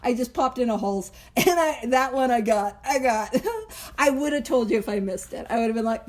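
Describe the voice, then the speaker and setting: High voice, woman, casual chatty teaching, frequent laughter, animated asides. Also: normal speed. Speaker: host of a recovery book study.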